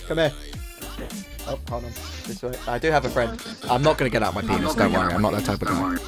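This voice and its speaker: A man's voice: on the low side, steady tone, fast, music in the background. A man hosting a casual, joking video chat, often teasing and slipping into voices. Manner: joking, playful, jumps into impressions. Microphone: webcam video call.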